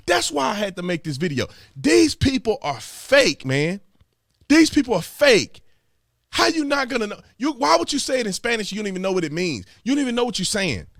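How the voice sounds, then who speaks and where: A man's voice: high voice, no room sound, clean studio sound. A man from Texas, hosting an exasperated political commentary rant and repeating his points. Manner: animated, exasperated, repeats himself. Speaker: commentary host.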